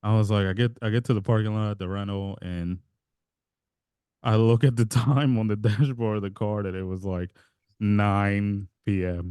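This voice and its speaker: A man's voice: fairly low pitch, fairly even intonation, normal speed, dark tone, smooth, no room sound, studio quality. A man co-hosting a podcast in casual chat, telling a rambling story and laughing as he goes. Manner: rambling, self-interrupting storyteller who laughs mid-sentence. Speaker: podcast co-host.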